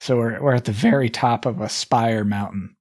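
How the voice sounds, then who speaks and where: An easygoing man playing a tabletop role-play game in casual chat, hesitating often and quick to laugh. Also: mid-range voice, a little mellow, breathy edge. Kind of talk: casual improvised storytelling.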